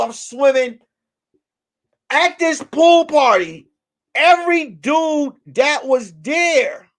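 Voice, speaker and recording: A man hosting a live stream, telling stories in a loud, animated and profane way that breaks into shouts on punchlines. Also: very high voice. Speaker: host. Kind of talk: casual live-stream storytelling.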